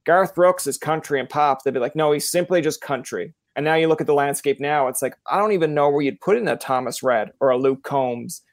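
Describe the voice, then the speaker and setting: With a slightly high voice, this Newfoundland-accented man from Canada hosts a laid-back podcast interview, talking a little fast with few pauses. He tells meandering tales and imitates the people he's quoting. There's no room sound.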